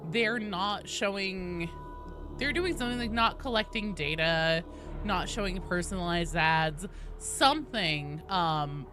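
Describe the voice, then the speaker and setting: Woman streamer, bright and lively, chatty with viewers, voice slightly gravelly. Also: lowish voice. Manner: chatty, greets viewers one by one. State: voice a bit gravelly from allergies. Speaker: game streamer. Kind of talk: casual live-stream chat.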